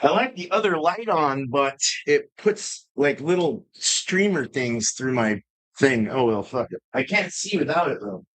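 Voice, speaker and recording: A man's voice: medium pitch, animated, unhurried, a bit bright. A man hosting a live home-brewing stream, chatting casually with a rambling, profane manner and frequent laughs. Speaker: homebrewing live-stream host. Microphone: streaming setup.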